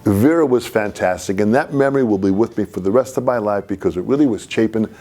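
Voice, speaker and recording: A man telling a personal anecdote in an animated way, laughing as he goes. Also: fairly low pitch, fast talker. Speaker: storyteller.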